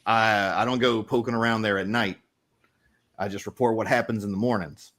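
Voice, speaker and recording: A man's voice: fairly low pitch, steady tone, normal speed, fairly bright tone, close to an everyday voice. A man playing a rambling, conspiratorial newspaper reporter as game master in a tabletop role-play. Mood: confiding. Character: gossipy middle-aged male small-town newspaper reporter.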